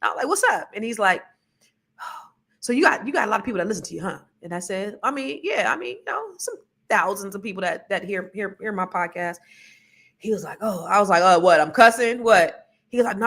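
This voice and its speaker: A woman hosting a podcast with a bright, clear voice at a middle pitch. Her talk is loose and lively, and she slips into laughing asides. Her delivery feels conversational, not scripted. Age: adult with children. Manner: chatty, laughs often, quick asides. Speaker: podcast co-host.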